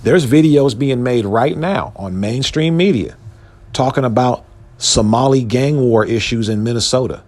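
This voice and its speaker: A man's voice: medium pitch, normal speed, a little mellow. A man, hosting a show and delivering a heated, emphatic commentary monologue in casual slang. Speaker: podcast host.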